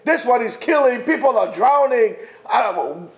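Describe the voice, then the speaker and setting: Male Torah teacher with a high voice, rhetorical and insistent, informal class delivery. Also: very animated, normal speed. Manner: emphatic, rhetorical, repeats points; talks directly to absent listeners.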